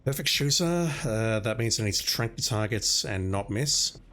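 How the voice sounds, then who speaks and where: Hoarse man thinking aloud while gaming. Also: on the low side, animated, normal speed, a bit bright. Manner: thinking aloud, planning moves. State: hoarse, losing his voice. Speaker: game streamer. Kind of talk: gaming commentary.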